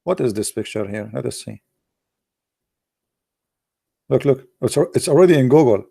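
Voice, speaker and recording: A man's voice: medium pitch, lively intonation, normal speed, gravelly, warm tone, breathy edge, no room sound. A middle-aged man, not a native English speaker, giving casual sarcastic commentary as host of his own show, repeating words and calling listeners "my friend.".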